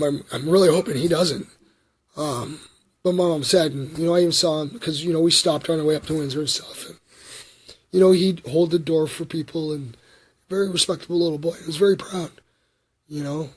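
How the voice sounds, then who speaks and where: A man in his thirties with a husky voice, telling a personal story on a livestream in a rambling, halting way with many fillers. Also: a little high. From Canada. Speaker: vlogger.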